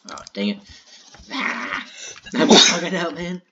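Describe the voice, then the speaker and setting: A man's voice: on the high side, sing-song, slow, very noisy. A sleepy man hosting a gaming video, chatting and rambling loosely, trailing off with fillers and giddy asides. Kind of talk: casual let's-play chat and reading aloud. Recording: slightly muffled, game music behind. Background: game music.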